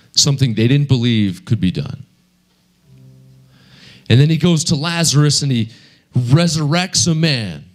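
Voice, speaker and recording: A man preaching a sermon in a conversational storytelling manner. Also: medium pitch. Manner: conversational storytelling with many fillers.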